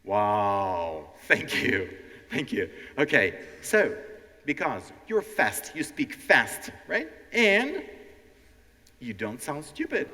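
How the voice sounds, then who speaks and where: An animated man from Ukraine leads a live language lesson like a stand-up act, his bright voice swooping across a lively range. He talks slowly and deliberately, always checking in with the crowd. The sound carries a long reverb from a large hall. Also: medium pitch, a little hiss or hum. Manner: animated, teacherly, keeps checking in with "okay?". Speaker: language teacher and show host. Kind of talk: live educational stand-up with audience.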